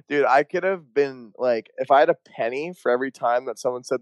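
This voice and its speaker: A man's voice: mid-range voice, a little fast, no room sound. A young man co-hosting a podcast, chatting casually and laughing, with lots of slang and swearing. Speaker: podcast co-host. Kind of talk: casual chat.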